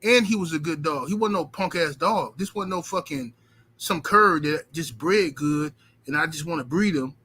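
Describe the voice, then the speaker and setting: A man's voice: a little high, moderate pace, slightly rough. A man hosting a casual livestream, talking emphatically with lots of profanity and repetition, and reading out viewer super chats. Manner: profane, emphatic, repeats himself; animated, swings from loud outbursts to muttering. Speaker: livestream host.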